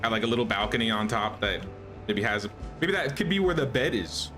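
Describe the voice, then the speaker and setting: Briskly and with animation, a young man speaks in a medium-pitched voice over background music. He's a gaming streamer doing casual live commentary on a survival game, mulling things over aloud and often restarting.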